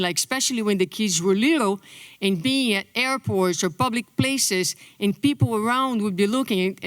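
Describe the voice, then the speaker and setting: A middle-aged woman from Brazil, a native Portuguese speaker with a Brazilian accent, giving a conference lecture in an animated way. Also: on the low side, clear, resonant tone, no echo. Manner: animated, acts out quotes in a lifted voice.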